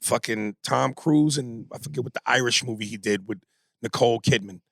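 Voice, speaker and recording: A man co-hosting a podcast in casual chat, talking in an animated, emphatic and profane way. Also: medium pitch, a little fast, gravelly, no echo, studio quality. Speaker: podcast co-host.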